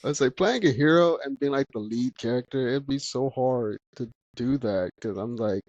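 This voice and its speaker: A man's voice: mid-range voice, moderate pace, a little mellow, dry recording, highs cut off. Laughing man hosting a podcast, dry sound. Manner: laughs often while telling stories. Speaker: podcast host. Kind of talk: casual podcast chat.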